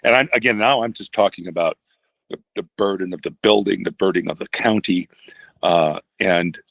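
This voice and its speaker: An older man, a retired pastor, telling a personal story in a halting, reflective way with many restarts. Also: fairly low pitch, creaky, a bit bright, dry recording.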